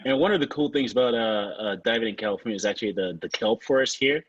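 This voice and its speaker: A man with a Nigerian accent hosts a relaxed, friendly chat, asking easygoing questions in a slightly husky voice. The recording sounds somewhat muffled and lo-fi. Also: medium pitch, quick pace, dry recording. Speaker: podcast host. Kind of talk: casual podcast interview.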